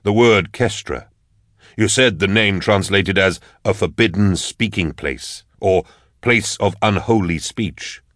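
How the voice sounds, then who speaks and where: Man voicing a stern inquisitor, deep voice, slow deliberate delivery, dry audiobook sound. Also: a bit bright, no echo. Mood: grave. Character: stern older male inquisitor, measured and commanding.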